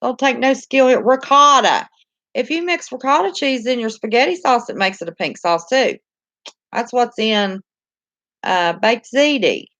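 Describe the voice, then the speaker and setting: Hosting her channel's live stream, a woman with a Southern accent chats through viewer comments, talkative and homey, laughing easily. She speaks unhurriedly in a slightly bright, higher voice with lively intonation. The recording is dry.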